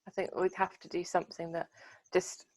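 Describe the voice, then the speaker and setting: Woman, middle-aged, podcast co-host, earnest, soft-spoken, lowish voice, dry recording. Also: flat delivery, fairly quick, gravelly, no echo. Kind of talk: casual chat.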